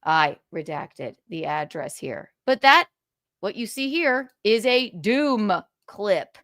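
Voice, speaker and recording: A woman's voice: medium pitch, animated, slow, fairly bright tone, no echo, clean studio sound. A woman hosting a livestream, ranting in a sarcastic, profane way and laughing between jabs. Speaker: livestream host.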